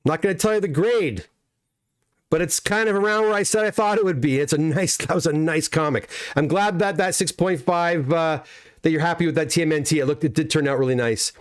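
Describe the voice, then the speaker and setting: A man's voice: a little high, fairly quick, smooth. Chatty middle-aged man hosting a comics livestream. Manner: chatty, loose, frequent restarts and repeated words. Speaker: comic pressing business owner and livestream host. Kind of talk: casual livestream chat reading viewer comments.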